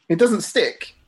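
A man in casual conversation, easygoing and quick to laugh, explaining his view at length. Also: darkish tone. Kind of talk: casual chat.

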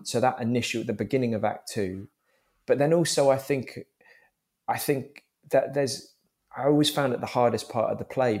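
A man's voice: fairly low pitch, darkish tone. A man, a stage actor, talking in an interview with enthusiastic, rambling energy and frequent laughs. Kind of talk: interview talk.

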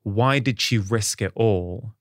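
A man's voice: fairly low pitch, slow, no echo, clean studio sound. A man hosting a podcast interview, probing his guests with questions and restating details back to them. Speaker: podcast host. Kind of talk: conversational interview.

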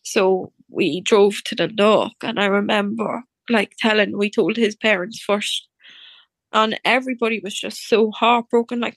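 A woman's voice: mid-range voice, measured pace, no room sound. A woman telling a personal story in casual chat, acting out what people said to her with many fillers. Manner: chatty, acts out reported dialogue, many fillers like "like".

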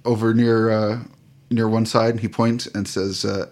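Slow, hesitant game master man. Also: fairly low pitch, flat delivery, darkish tone. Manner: unhurried, halting with many fillers. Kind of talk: narrating a tabletop game.

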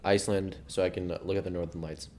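A man co-hosting a casual podcast chat, goofing around with deadpan trolling jokes. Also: deep voice, quick pace. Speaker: podcast co-host.

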